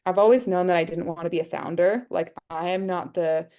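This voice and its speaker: Australian woman with a dark, gravelly voice. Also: fairly low pitch, fairly even intonation, a little fast, few pauses. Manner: chatty, thinking aloud with many fillers. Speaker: workshop presenter. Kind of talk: casual online workshop talk. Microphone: video call.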